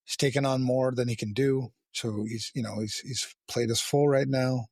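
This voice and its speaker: A man hosting a podcast, talking candidly and bluntly with a lot of swearing and halting restarts. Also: medium pitch, fairly even intonation, a little mellow, no echo, studio quality. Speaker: podcast host. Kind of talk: candid casual conversation.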